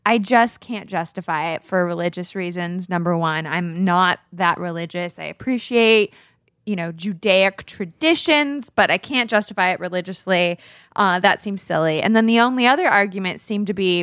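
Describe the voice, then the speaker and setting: A woman's voice: lowish voice, moderate pace, fairly bright tone, clean tone, no room sound, studio quality. A woman in her thirties co-hosting a podcast, chatting casually and laughing often as she tells stories. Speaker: podcast co-host. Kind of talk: casual chat.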